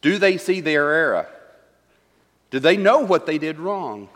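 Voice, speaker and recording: A man's voice: on the high side, lively intonation, measured pace, long pauses, a bit bright. A man teaching a Bible study class. He reads verses aloud and puts questions to the group. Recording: long hall reverb.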